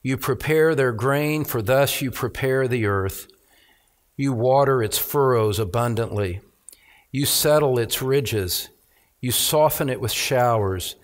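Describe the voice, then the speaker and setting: A middle-aged man preaching a sermon, reading scripture aloud and stressing key words with rising emphasis as a pastor. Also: mid-range voice. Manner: reads scripture aloud, slowing on phrases.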